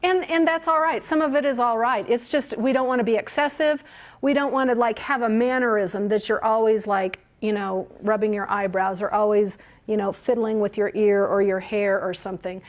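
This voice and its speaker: A woman leading a training workshop for museum guides, lively and encouraging, who laughs often as she teaches. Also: fairly high pitch, moderate pace.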